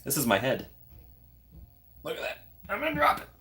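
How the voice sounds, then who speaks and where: A man's voice: on the high side, wildly swooping pitch, moderate pace, background noise. A young man from Minnesota hosting a casual live stream, chatting and answering viewer comments by name. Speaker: livestream host.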